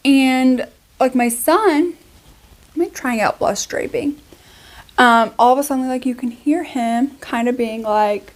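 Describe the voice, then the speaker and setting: A woman's voice: on the high side, slow pace, pauses often. Chatty woman vlogger telling a story. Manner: chatty, animated storytelling full of "like" and asides. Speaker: beauty vlogger. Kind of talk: casual storytelling while doing makeup.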